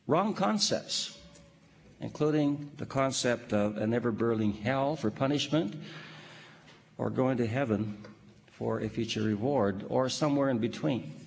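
A man preaching a sermon in a measured, emphatic way, posing rhetorical questions and reading scripture. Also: mid-range voice, gravelly, in a large hall.

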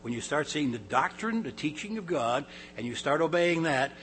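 Giving a sermon, this pastor builds emphasis while reading scripture before unpacking it in a plain, chatty way full of restarts, small laughs and asides. The mid-range voice is fairly bright, and the rough recording carries slight hiss or hum.

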